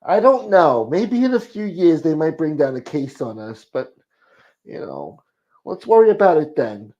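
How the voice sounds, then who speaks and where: A man's voice: fairly high pitch, very animated, moderate pace, a little mellow. A man doing an exasperated mob brother. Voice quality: exasperated, scolding. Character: exasperated middle-aged male mob brother. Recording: muffled lo-fi audio.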